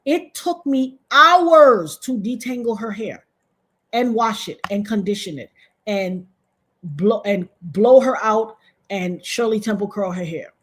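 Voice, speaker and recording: A woman from Trinidad, a guest on a video-call interview, telling a story in an animated way and acting out the voices of other people. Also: takes it slowly. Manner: animated, acts out quoted voices with big pitch jumps.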